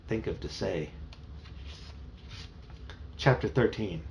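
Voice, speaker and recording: A man's voice: mid-range voice, expressive, moderate pace, creaky. A man reading a children's novel aloud in a plain storytelling manner, with a few small slips. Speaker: reader. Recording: muffled home recording, faint hiss.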